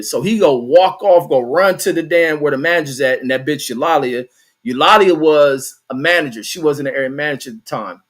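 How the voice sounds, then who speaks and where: A man's voice: a little high, brisk. A middle-aged man hosting a show, telling a work story and reading viewer comments aloud, casually and with a lot of cursing. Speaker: host.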